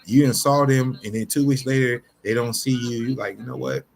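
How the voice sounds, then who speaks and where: A man's voice: mid-range voice, fairly even intonation, normal speed. A man speaking directly to his viewers in an unscripted motivational talk, earnest and repetitive, often restarting his sentences. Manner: addresses listeners directly as y'all. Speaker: motivational vlogger.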